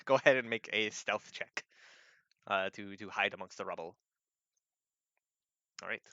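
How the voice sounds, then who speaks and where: A man narrating a tabletop game as game master, halting and full of fillers. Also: lowish voice, highs cut off, heavy background noise.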